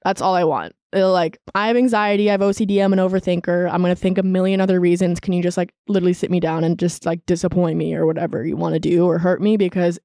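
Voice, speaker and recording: A woman's voice: lowish voice, fairly even intonation, fast talker, few pauses, dark tone, dry recording, studio quality. A young woman in her twenties hosting a solo podcast, talking in a chatty, confessional way full of "like" fillers. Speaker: podcast host.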